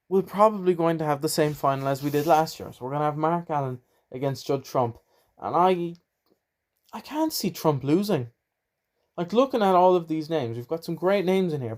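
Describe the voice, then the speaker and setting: Chatty Irish man, slightly high voice. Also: darkish tone. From Ireland. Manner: rambling, chatty, self-deprecating. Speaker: podcast host. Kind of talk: casual solo podcast chat.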